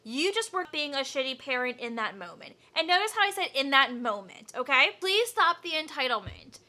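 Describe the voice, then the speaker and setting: Blunt, high, bright-voiced young woman. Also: big pitch swings, normal speed. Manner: blunt, profane and exasperated. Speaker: YouTuber reacting to videos. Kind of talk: casual reaction commentary.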